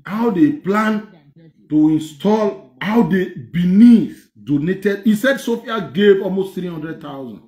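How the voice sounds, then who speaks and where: A man with a Nigerian accent gives animated political commentary on clips, mixing Pidgin with English as he mocks excitedly and laughs often. His voice is high and slow, and the recording is reverberant.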